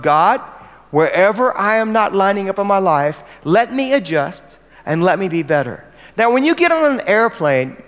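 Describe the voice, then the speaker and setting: A high-pitched American man preaches to fellow church leaders in an earnest, emphatic way, often putting questions to the room. His voice rings out with a long echo through a large hall. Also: fairly bright tone. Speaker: pastor addressing church leaders. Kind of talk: sermon.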